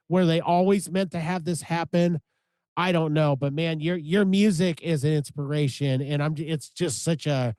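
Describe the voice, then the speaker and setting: A man's voice: a little high, darkish tone, no echo. A man co-hosting a music podcast, talking earnestly in rambling casual chat with lots of restarts. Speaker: podcast co-host.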